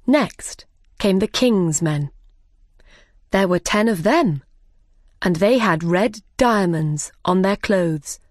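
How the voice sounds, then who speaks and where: Learner-story narrator: woman, slow and clear, dry close mic. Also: mid-range voice, lively intonation, darkish tone, dry recording. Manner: clear, deliberate.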